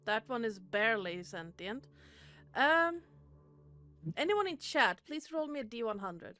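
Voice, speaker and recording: Bright-voiced, unhurried woman game master. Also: a little high, big pitch swings. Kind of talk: running a tabletop game.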